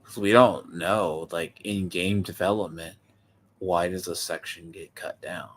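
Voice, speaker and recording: A man's voice: low voice, steady tone, a little slow. A man hosting a reaction video, giving opinionated casual commentary and checking that his friend agrees. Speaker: video host reacting to a clip.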